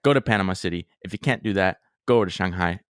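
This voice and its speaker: A man's voice: sits low, quick pace, clear, resonant tone, no room sound, studio quality. Rambling young man telling travel stories. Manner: rambling, excitable, swears freely. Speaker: podcast co-host. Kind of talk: casual storytelling chat.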